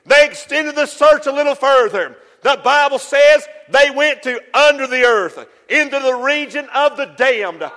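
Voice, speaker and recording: A man preaching a sermon with passion, rising to shouts for emphasis. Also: very high-pitched, long reverb tail.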